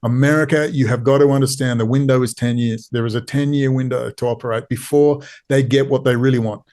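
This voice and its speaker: A man's voice: medium pitch, fairly even intonation, brisk, darkish tone. A man with an Australian accent, a podcast guest, talking in an urgent, pleading way and hammering points home through repetition. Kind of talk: impassioned interview talk.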